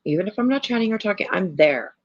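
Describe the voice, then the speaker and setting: On lo-fi stream audio, a woman hosts a casual livestream, rambling with lots of fillers and the occasional swear as she comments and reacts. Her medium-pitched voice is lively in intonation and fast.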